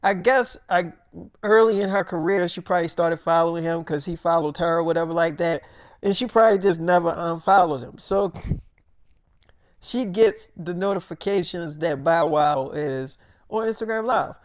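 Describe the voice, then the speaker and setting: A man's voice: on the high side, normal speed, dry recording. A man narrates an improvised story in a loose, slangy way. His talk is peppered with profanity. The recording is dry and close, with no room sound around his voice.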